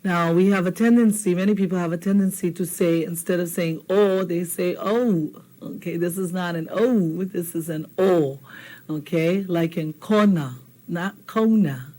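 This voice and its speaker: A woman's voice: lowish voice, little pitch movement, normal speed, hardly any pauses, warm tone, poor audio. A middle-aged woman teaching a language lesson, patiently drilling vowel sounds and coaxing viewers to repeat after her. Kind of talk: slow, patient classroom teaching.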